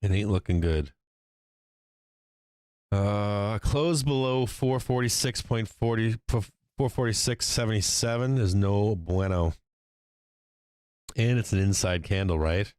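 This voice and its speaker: A man hosting a live stock market stream, commenting on trades in a profane, excitable way and laughing often. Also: fairly low pitch, a little slow, long pauses, clean tone, dry recording. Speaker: stock market livestream host.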